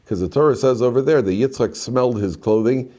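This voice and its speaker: An older rabbi with a brisk, mellow, mid-range voice gives an informal Torah class to students in a classroom. His talk is conversational and digressive, full of restarts and side remarks.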